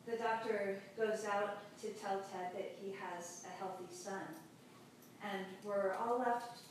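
A woman pastor giving a sermon, telling a story in a slow, measured way with long pauses. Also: mid-range voice, steady tone. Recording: very echoey hall, distant mic, faint noise.

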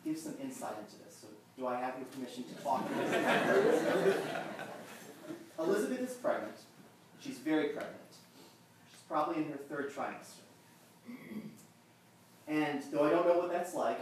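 A man preaching a sermon in a conversational, self-deprecating way, pausing and restarting his sentences. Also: medium pitch, a little hiss or hum. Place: large echoing church. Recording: echoey church from a distance.

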